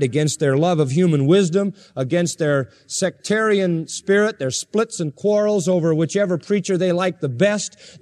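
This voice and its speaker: A high-voiced male pastor delivers an expository sermon. He speaks emphatically, driving each point home with chains of repeated parallel phrases. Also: a little mellow.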